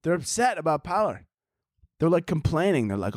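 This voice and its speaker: A man's voice: on the high side, big pitch swings, normal speed, a little mellow, dry recording, clean studio sound. Crude, sarcastic male podcast host. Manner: crude, sarcastic, laughs at own jokes. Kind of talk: comedic monologue.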